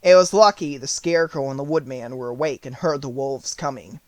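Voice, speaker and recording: A man reading an audiobook, narrating the story in clear, even tones. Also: medium pitch, fairly quick, no echo.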